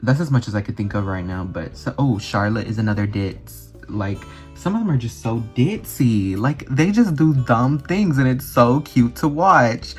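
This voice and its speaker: A man's voice: medium pitch, animated, moderate pace, hardly any pauses, faint music behind. A man chatting casually in a vlog, gushing and full of fillers. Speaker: vlogger. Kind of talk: casual chat.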